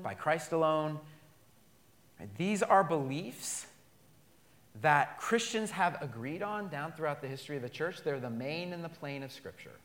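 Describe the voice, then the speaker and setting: A male pastor preaches to his congregation in a voice pitched a little high for a man. He calls out for responses and swings between loud emphatic lines and quiet, hushed asides. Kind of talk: sermon.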